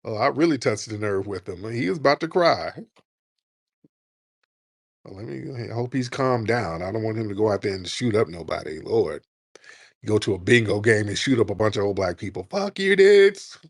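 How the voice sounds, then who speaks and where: A man's voice: lowish voice, moderate pace, no room sound, clean studio sound. A man hosting a call-in livestream, laughing and taunting callers in casual chat.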